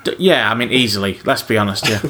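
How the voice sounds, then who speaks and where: A man's voice: fairly low pitch, expressive, quick pace, sharp tone. A man in casual podcast chat, enthusiastic and trailing into fillers.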